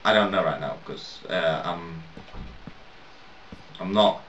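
A man's voice: deep voice, slow, fairly bright tone, a little hiss or hum. A man giving casual let's-play commentary while building, rambling, self-mocking and swearing a lot. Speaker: gaming video maker. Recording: roomy, distant, dull, lo-fi mic.

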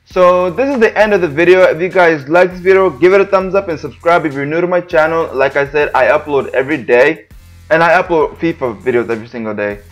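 Excitable young man yelling over gameplay. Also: a little high, fairly quick, faint music behind. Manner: excitable, yells and groans at the game, complains often. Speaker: gaming channel host. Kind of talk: live gameplay commentary.

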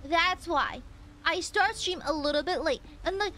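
A young woman streaming a game, chatting casually, teasing her chat and reading out donations in a playful, animated way. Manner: animated, quick pitch jumps. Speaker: VTuber streamer. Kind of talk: casual live-stream chat while gaming.

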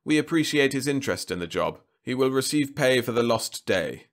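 A man voicing a soft-spoken, ruthless corporate director with a smooth velvet voice. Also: mid-range voice, lively intonation, brisk, pitched above the performer's own voice, close to an everyday voice. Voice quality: velvety, pontifical.

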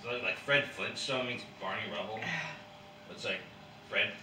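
A man's voice: lowish voice, unhurried. A man in casual drinking chat, rambling and crude, often putting on little voices for characters. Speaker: vlog host. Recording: roomy, distant mic with background noise.

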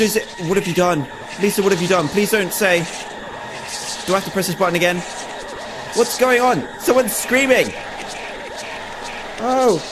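A man's voice: a little high, slight background noise. Jumpy young man narrating a horror game. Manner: jumpy, exclaiming, talking to himself and viewers. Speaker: gaming video host. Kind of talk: let's play commentary.

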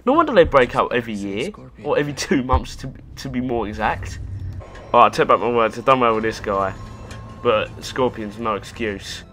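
A young man riffs over his gameplay in a mocking, foul-mouthed running commentary. His voice sits at an ordinary middle pitch, and he talks casually straight to his viewers. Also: expressive, brisk, a bit bright, soft background music. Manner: sarcastic, sweary running commentary. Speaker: gaming YouTuber.

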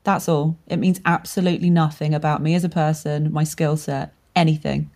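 A woman's voice: deep voice, little pitch movement, a little fast, a little mellow. A woman hosting a solo podcast, talking candidly and casually, swearing freely as she tells stories. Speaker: podcast host and brand strategist.

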